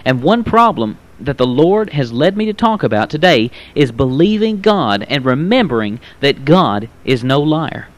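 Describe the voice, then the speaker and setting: A man's voice: a little high, very animated, normal speed, few pauses. A man giving a pre-recorded radio sermon, earnest, often saying "my friend" and quoting scripture in old-fashioned wording. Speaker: radio preacher.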